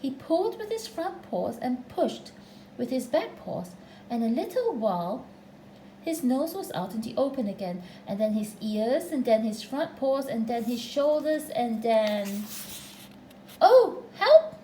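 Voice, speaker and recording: A woman narrating a children's storybook aloud with a gentle, expressive delivery. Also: fairly high pitch, measured pace, roomy sound, a little hiss or hum, low-quality recording. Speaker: storybook reader.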